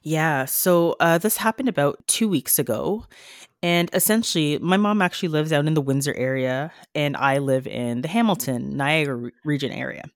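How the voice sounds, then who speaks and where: A woman's voice: low-pitched, moderate pace, dry recording, studio quality. A woman who works as a nurse, talking earnestly in a podcast conversation, with many fillers and restarts. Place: Canada.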